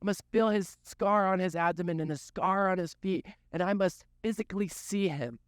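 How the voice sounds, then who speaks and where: A man's voice: high-pitched, normal speed, clean tone, dry recording, clean studio sound, pitched above the performer's own voice, natural voice. A man preaching voices a doubting male disciple who firmly insists on seeing proof, in a raised voice. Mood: insistent. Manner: insistent, firm.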